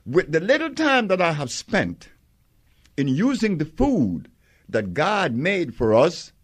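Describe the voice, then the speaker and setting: An older man in an interview, telling his stories with strong conviction. His pitch swings widely as he acts out both sides of remembered exchanges, and he breaks into laughter along the way. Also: slow, slightly rough. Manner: animated storyteller acting out quoted exchanges, emphatic, laughs often. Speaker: interviewee, herbal healer. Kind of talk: conversational interview storytelling.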